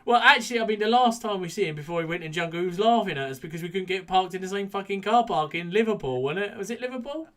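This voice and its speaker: High-voiced rambling podcast host. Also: male voice, animated, fast, few pauses, a bit bright. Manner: chatty, rambling, frequent restarts and laughs. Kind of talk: casual boxing chat.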